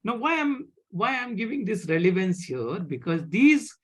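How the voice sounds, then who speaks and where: A man teaching a live online French class, halting with many fillers and often asking "okay?". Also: sits high, very animated.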